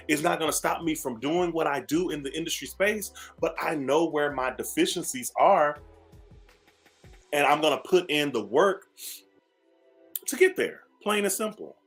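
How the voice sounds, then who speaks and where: A morning radio host with a slightly high, somewhat bright voice goes on a talk radio rant. He's sassy and preachy toward listeners, repeats phrases for emphasis, and calls them "baby."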